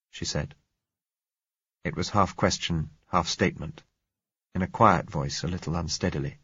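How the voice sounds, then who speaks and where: A man narrating a novel in the first person, measured and reflective. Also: sits low, a bit bright, breathy edge, no echo, lo-fi sound.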